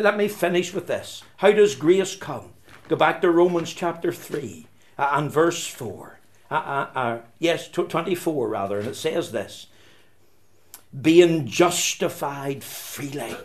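A man delivering an evangelistic sermon in a fervent manner. His fairly high voice climbs into emphatic declarations, then sinks into hushed, whispered quotations of scripture. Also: expressive, measured pace. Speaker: preacher.

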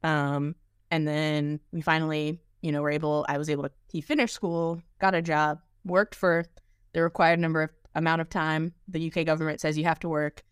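A young American woman guesting on a podcast, telling stories in a lively, laughing way. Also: deep voice, normal speed, smooth, no room sound, clean studio sound. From United States. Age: young adult. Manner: lively storyteller who laughs through her anecdotes. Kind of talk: casual podcast chat.

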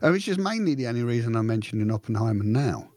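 A man co-hosting a podcast, chatting in a rambling, animated way with frequent restarts. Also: mid-range voice, quick pace, no room sound, clean studio sound. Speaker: podcast co-host. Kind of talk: casual chat.

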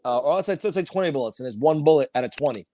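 A man's voice: a little high, animated, very fast, mellow. Blunt profane man in casual chat. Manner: blunt, profane, rambling storyteller.

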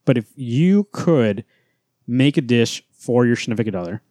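A man's voice: mid-range voice, animated, moderate pace, mellow, no room sound. Blunt, profane podcast co-host man. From Central or South America family roots. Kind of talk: casual chat.

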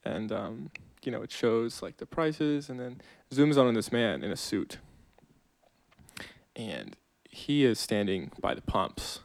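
A man co-hosting a comedy podcast in a relaxed chat, voice at a middling pitch. He laughs often and sketches each scene with plenty of fillers. The sound is dry and close, with no room around it. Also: slow pace, vocal fry, dry recording. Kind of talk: casual chat.

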